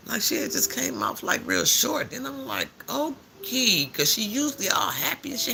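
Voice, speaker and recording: Animated, gravelly older man chatting live. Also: very high-pitched, normal speed, hardly any pauses, a little hiss or hum. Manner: chatty, animated storytelling with frequent laughs and slang. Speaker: live-stream host. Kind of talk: casual morning live-stream chat.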